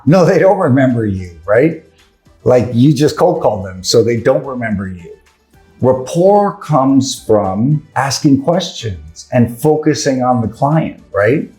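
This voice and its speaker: A man with a New York accent coaches salespeople in a brisk, earnest way. He talks at an ordinary pitch and keeps asking rhetorical questions to draw his listeners in. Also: expressive, darkish tone, soft background music. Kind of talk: sales training talk.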